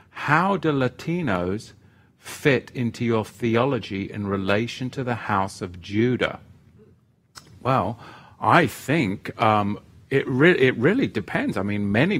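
A middle-aged man from England whose accent has drifted toward American, hosting a live stream where he reads out viewer comments and answers them in a loose, rambling way. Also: on the low side. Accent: mid-Atlantic mix of English and American. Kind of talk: casual live chat.

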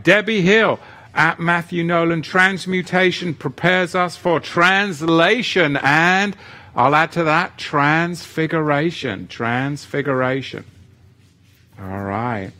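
A man leads a live-streamed teaching session and reads his viewers' chat aloud. His voice is bright and pushes forward, and he talks at an unhurried pace. He greets people by name and drops in playful asides. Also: fairly high pitch. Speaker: livestream teacher.

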